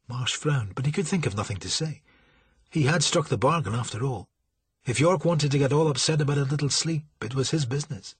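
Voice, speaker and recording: A man narrating an audiobook in a steady, dramatic storytelling manner, with a husky voice. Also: medium pitch, brisk, no echo.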